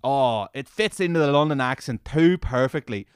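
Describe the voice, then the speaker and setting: A man hosting a comedy podcast, ranting sarcastically with lots of swearing and sudden loud mocking bursts. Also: medium pitch, animated, moderate pace, clear, resonant tone, no echo, studio quality.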